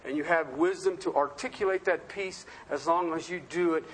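A man's voice: fairly high pitch, normal speed, a bit bright, a little hiss or hum. A man preaching a sermon in a folksy, joking way, often asking the congregation questions.

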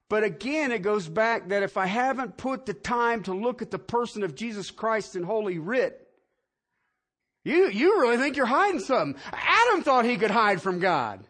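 Very high-voiced, lively male preacher. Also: measured pace. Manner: animated, conversational preaching with rhetorical questions. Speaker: pastor. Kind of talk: sermon.

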